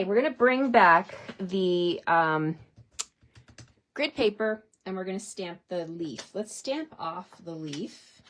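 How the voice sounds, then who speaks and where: A woman's voice: on the low side, a little hiss or hum. A woman giving a casual, chatty card-stamping tutorial, talking to her viewers as she works. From Canada. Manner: chatty and giggly, talks to viewers while working. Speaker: stamping demonstrator.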